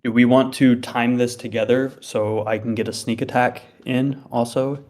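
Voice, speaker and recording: A man's voice: mid-range voice, little pitch movement, normal speed, a little mellow. A man playing a tabletop game, making casual, practical suggestions to the group. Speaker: player.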